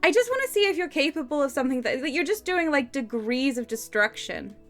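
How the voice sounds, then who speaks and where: Chatty, giggly woman streamer, slightly high voice. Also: very animated, fairly quick, fairly bright tone, faint music behind. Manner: chatty, self-deprecating, giggly, reads chat comments aloud. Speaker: streamer co-writing a story with AI. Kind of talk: casual livestream chat and reading aloud.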